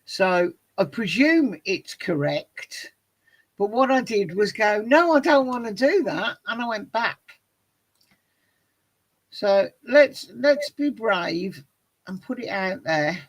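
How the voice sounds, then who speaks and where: A chatty woman hosting a live online chat over a video call. She is self-mocking and greets her guests fondly, at a middling pitch. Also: expressive, slow. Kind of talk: casual chat.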